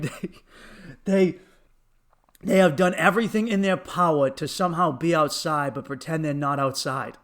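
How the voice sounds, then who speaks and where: Man, comedian podcast host, high-pitched voice, swearing, laughing often, animated storytelling. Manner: profane, laughing, animated retelling with acted quotes.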